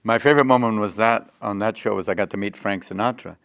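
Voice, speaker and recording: A middle-aged man being interviewed, telling animated stories and jumping into quick voices. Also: lowish voice, clean tone, no echo, clean studio sound. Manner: animated, slips into quick character voices mid-story. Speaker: interview guest, comedian. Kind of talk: anecdotal interview storytelling.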